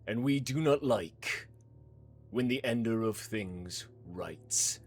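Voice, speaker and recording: A game master putting on a big, cold-blooded man who talks flatly and without a hint of regret, his voice sitting at an ordinary pitch. He speaks slowly and evenly, with soft music faint behind him. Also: exaggerated voice. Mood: cold, calm. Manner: flat, unrepentant, measured. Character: large cold-blooded man, calm and menacing.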